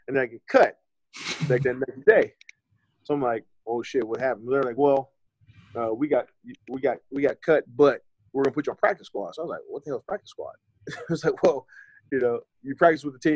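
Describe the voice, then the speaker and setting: A man's voice: medium pitch, darkish tone, no room sound, low-quality recording. Candid American man telling his story. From United States. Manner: candid and loose, swears freely and acts out remembered conversations. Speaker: former pro running back, podcast guest. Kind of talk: casual storytelling interview.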